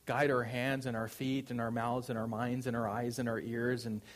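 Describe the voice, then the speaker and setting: A man's voice: medium pitch, flat delivery, moderate pace. A man preaching a sermon, speaking conversationally with frequent fillers and restarts. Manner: conversational preaching with fillers, rising to loud proclamation.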